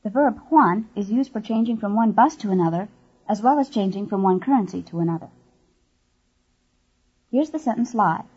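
Husky, mellow woman narrating a language course. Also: mid-range voice, animated. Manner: clear, measured explaining. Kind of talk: scripted instructional narration. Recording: dull lo-fi course tape.

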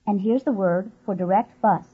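Female course narrator, husky and mellow, measured scripted delivery, dull lo-fi tape. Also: mid-range voice. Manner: clear, measured explaining.

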